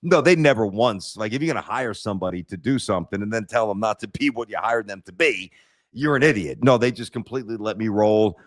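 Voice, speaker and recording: Blunt New York man, lowish voice. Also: brisk, no echo, studio quality. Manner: blunt, animated storyteller with stammered restarts. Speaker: sports radio host, guest. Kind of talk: casual podcast chat.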